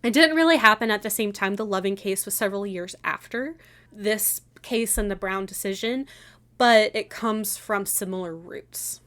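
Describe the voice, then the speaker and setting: A woman's voice: medium pitch, normal speed, fairly bright tone. A woman co-hosting a history podcast, chatty and enthusiastic with frequent laughs. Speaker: podcast co-host. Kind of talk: casual history podcast chat.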